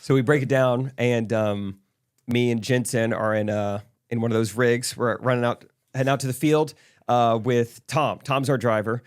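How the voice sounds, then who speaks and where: A young man co-hosting a podcast, telling stories in relaxed casual chat and laughing often. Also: medium pitch, normal speed, clear, resonant tone. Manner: laid-back storyteller, laughs often. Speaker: podcast co-host.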